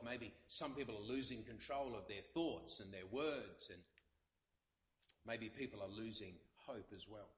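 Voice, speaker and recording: A man's voice: mid-range voice, fairly bright tone. Earnest male pastor preaching in an echoey room. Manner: earnest, repetitive preaching with dramatic quotes. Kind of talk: sermon.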